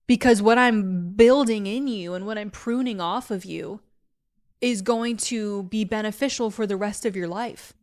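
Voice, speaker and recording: Young woman doing a solo podcast, super chatty, says like a lot, average pitch. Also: measured pace, darkish tone. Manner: candid and chatty, heavy use of "like". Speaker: podcast host. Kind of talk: casual podcast monologue.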